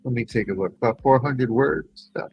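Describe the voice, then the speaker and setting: A man writer in casual chat, giving brief low-key answers. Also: normal speed, gravelly, highs cut off, soft background music. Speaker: writer guest.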